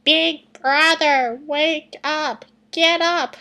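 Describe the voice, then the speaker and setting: A woman putting on a whiny high little boy. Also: steady tone, drawn-out words, bright, forceful tone, exaggerated voice. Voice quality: whining. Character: whiny mischievous young boy, kid brother. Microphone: computer webcam microphone.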